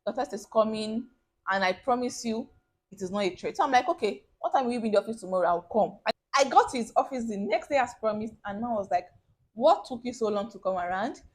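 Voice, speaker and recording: A young woman tells her own story straight to camera, casual and lively. She slips into the voices of the people she quotes and often breaks into laughter. Her voice sits a little high for a woman. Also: fast talker. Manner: animated, acts out quoted voices, bursts of laughter. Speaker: vlogger telling a personal story.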